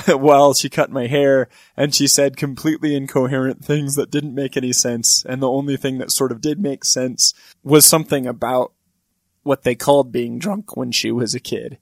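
A middle-aged man telling funny personal stories, with wry asides and sudden high-pitched emphasis. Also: no room sound, clean studio sound. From Wyoming. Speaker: storyteller. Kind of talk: comic personal storytelling.

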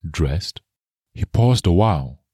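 Deep-voiced male storyteller. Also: expressive, slow, warm tone, slightly rough, no echo, studio quality. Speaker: narrator. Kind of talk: scripted narration.

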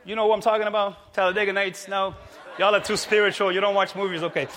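A man preaching a sermon to a congregation, energetic and often shouting. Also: high voice, fast, noisy background. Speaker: pastor. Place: church hall with congregation.

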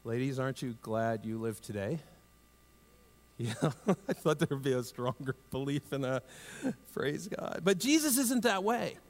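A male pastor preaching a sermon in a conversational way, lifting his voice for emphasis and dropping it low and soft for tender asides. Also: lively intonation, a little slow. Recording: long hall reverb.

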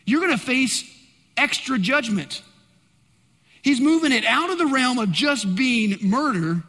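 A male pastor preaching a sermon, swinging between loud emphatic bursts and hushed asides. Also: very high-pitched, animated, measured pace, in a large hall.

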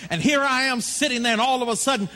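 A man preaching a sermon to a congregation, shouting and telling a story with emphasis. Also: very high-pitched, fast talker. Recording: live church crowd audible.

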